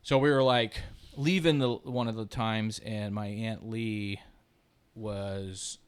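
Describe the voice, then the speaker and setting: A man, telling rambling, profane stories on a podcast, loud when he laughs and hushed when he turns reflective. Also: on the low side, fairly even intonation, takes it slowly, clear, resonant tone. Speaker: podcast co-host. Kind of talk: casual storytelling chat.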